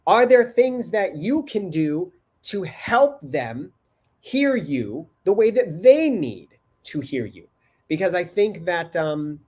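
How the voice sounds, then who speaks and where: A man hosting a parenting talk show, speaking casually and haltingly, repeating words as he goes. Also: on the high side, darkish tone. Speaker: podcast host.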